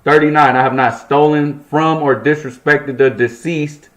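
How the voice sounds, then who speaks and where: A man's voice: on the high side, steady tone, measured pace. A young man host reading a numbered list aloud in his apartment, breaking off into profane, joking asides. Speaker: channel host. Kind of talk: reading a list with loose commentary.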